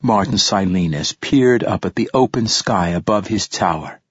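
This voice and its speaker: A male audiobook narrator reading in a measured, descriptive way. His voice is very low with a husky edge. The recording is dry and slightly dull. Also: expressive, no echo. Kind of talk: scripted narration.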